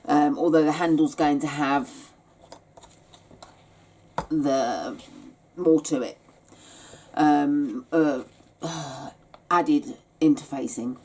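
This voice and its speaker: Woman, tired, low and unhurried; rambling craft-tutorial host. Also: warm tone, slight background noise. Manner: chatty and rambling, many hesitations. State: tired, yawning. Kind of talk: casual step-by-step craft tutorial.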